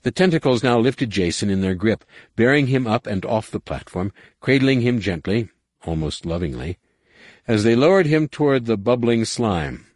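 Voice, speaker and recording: A man reading an audiobook in a measured, dramatic narration. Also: lowish voice, animated, darkish tone, dry recording, clean studio sound. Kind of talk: scripted narration.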